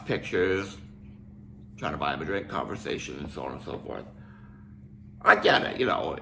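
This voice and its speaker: A man's voice: on the low side, vocal fry, pushed and bright, a little hiss or hum. An older man from Canada, casually telling a rambling story with restarts and asides. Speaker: musician telling a tour story.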